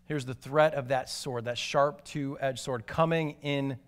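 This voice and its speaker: A man preaching a sermon, telling stories animatedly and moving from excited to hushed and grave. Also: medium pitch, slow. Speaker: pastor.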